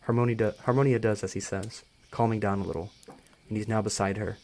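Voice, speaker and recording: Low-voiced man reading a story live. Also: fairly even intonation, fast, creaky, darkish tone. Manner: casual, stumbles and rereads lines. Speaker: story reader.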